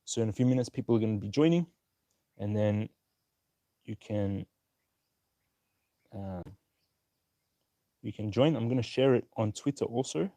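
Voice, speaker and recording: A man's voice: lowish voice, normal speed, long pauses, mellow, no room sound. A young man hosting a casual stock market livestream, upbeat as he greets viewers by name and place one after another.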